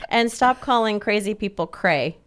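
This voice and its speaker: A woman's voice: mid-range voice, expressive, moderate pace, a bit bright. Playful woman in her forties, radio host. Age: 40s. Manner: wry, playful, laughs often. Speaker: radio morning show host. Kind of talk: casual on-air banter. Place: radio studio.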